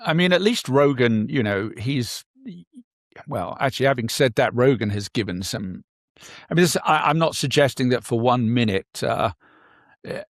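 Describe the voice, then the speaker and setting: A man talks over politics in a halting way, full of ums and false starts. His voice sits at a middle pitch and is recorded close and dry, with no room sound. The tone is conversational and thoughtful. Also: animated, no room sound. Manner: halting, many fillers and restarts. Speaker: podcast co-host. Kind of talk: casual political discussion.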